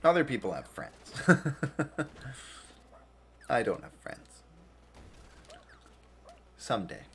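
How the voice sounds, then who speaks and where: A man's voice: mid-range voice, very animated, takes it slowly, a bit bright, slight background noise. A tired man streaming a game, chatting casually and rambling in a self-deprecating way, laughing often. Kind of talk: casual gaming stream chat.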